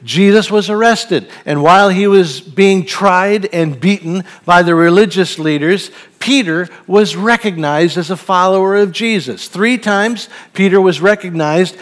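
Earnest high-voiced male preacher. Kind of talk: sermon with Bible reading.

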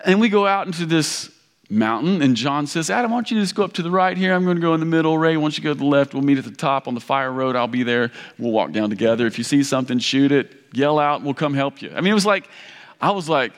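A man from Kentucky preaching a sermon, telling a story in an animated, rambling, self-mocking way with many restarts. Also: a little high, fast talker. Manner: loud. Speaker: pastor. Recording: reverberant hall.

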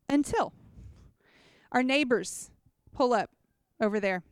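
A woman giving a chatty, animated personal testimony to a gathering, often checking in with listeners. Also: high-pitched, clear, resonant tone, no room sound, clean studio sound. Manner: chatty, animated storytelling with props. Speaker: speaker at a church gathering.

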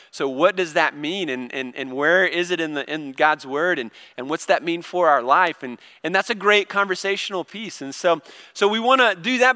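A man's voice: on the high side, sharp tone. A middle-aged man preaching a sermon to a congregation, telling stories about his own kids in a conversational, self-deprecating way with many restarts. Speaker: pastor. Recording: long reverb of a large hall.

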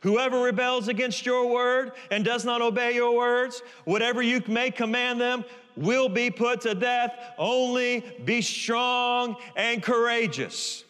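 Emphatic guy preaching, sharp bright voice, call and response, echoey church hall. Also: very high-pitched, fairly even intonation, measured pace, few pauses, clean tone. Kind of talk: sermon.

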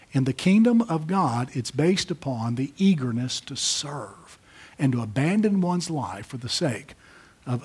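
A man preaching a sermon, rising to emphatic peaks and dropping low. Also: darkish tone, slightly rough. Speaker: pastor.

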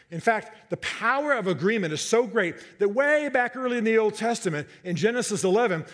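A man preaching a sermon to a congregation, animated and joking, often repeating and restarting his words. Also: high-pitched. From Southern United States, half his family.

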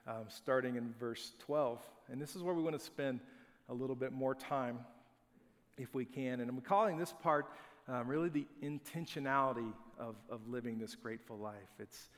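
A middle-aged man preaching a sermon as a pastor, telling family stories in a conversational, self-deprecating way. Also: mid-range voice. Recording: long hall reverb.

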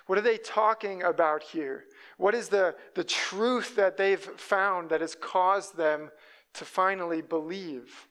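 A man's voice: sits high, unhurried, fairly bright tone, clean tone. A man preaching a sermon as a pastor, walking through a Bible passage and acting out the people he quotes. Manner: storytelling preacher who voices quoted speakers.

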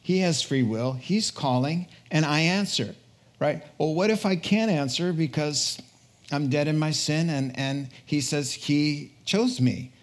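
A male preacher with a slightly high voice delivers a lively sermon. He urges his listeners on, repeats words for emphasis, and drops in joking asides at his own expense. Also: unhurried. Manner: energetic, exhorting, repeats words for punch; jokey asides, laughs at himself.

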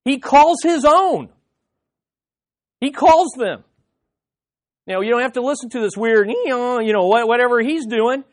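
A man preaching an expository sermon to his congregation, animated and conversational, often restarting his sentences and dropping into quick playful impressions. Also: very high voice. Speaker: pastor.

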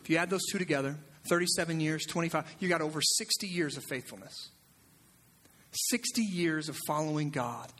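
A man preaching a sermon as pastor, animated, swinging between loud shouts and hushed near-whispers. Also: fairly high pitch, a little fast, a little hiss or hum.

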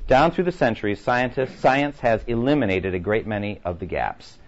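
A man's voice: fairly low pitch, lively intonation, moderate pace. A man teaching a class who reads quotes aloud and keeps asking his listeners rhetorical questions. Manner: emphatic, with many rhetorical questions. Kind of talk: lecture with read-aloud quotes. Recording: muffled lo-fi recording.

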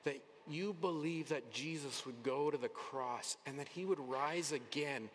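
A male pastor preaching an earnest, emphatic sermon in a church, sometimes dropping to a soft near-whisper. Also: a little high, unhurried, hardly any pauses. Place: church sanctuary. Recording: long hall reverb, faint room ambience.

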